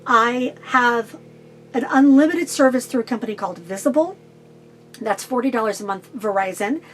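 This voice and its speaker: A middle-aged woman vlogger answering viewer questions about her life on the road, talking fast and getting straight to the point. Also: fairly high pitch, faint music behind. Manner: fast, to-the-point talker who cuts out filler. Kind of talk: casual direct-to-camera Q&A.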